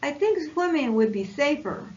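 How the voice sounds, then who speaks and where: A cautious, caring male muskrat from a picture book, played by a woman reader. He asks his questions in a high, worried voice that climbs sharply. He speaks slowly and with lots of pitch movement. The recording is dull and lo-fi. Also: sing-song.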